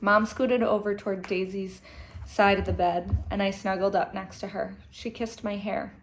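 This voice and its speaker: A teacher reading a children's novel aloud to her class, gentle and expressive, with emotional asides. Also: mid-range voice, normal speed, slight background noise.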